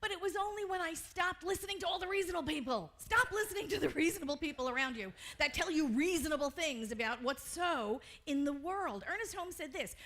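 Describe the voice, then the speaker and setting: High-voiced woman preaching a lively sermon. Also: moderate pace. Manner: animated storytelling, frequent laughter. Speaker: reverend.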